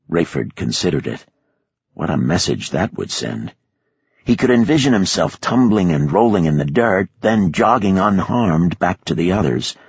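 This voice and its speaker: A man reading an audiobook in a measured, expressive scripted narration. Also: sits low, slightly rough, no room sound, highs cut off.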